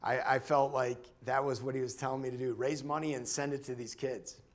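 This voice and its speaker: Brief: man giving a church testimony, earnest and halting, mid-range voice, restarts often. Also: medium pitch, flat delivery. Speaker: church member sharing a testimony. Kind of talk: personal testimony talk.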